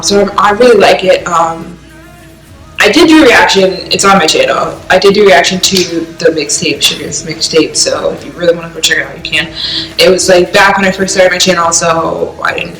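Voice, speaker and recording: Young woman vlogger, mid-pitched, chatty and rambling, recorded in an echoey room with faint music underneath. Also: fairly bright tone. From US East Coast. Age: young adult. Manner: rambling, heavy use of "like", emotional. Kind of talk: casual reaction vlog.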